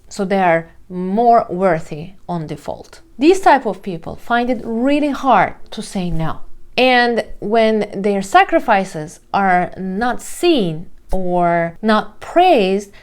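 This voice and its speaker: Earnest woman explaining psychology. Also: medium pitch. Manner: earnest, explains with everyday examples. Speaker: mindset coach and channel host.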